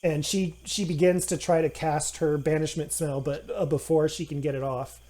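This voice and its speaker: Male game master, halting delivery, slightly high pitch. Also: fairly even intonation, mellow. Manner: halting, with many fillers and restarts. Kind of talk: narrating a tabletop game.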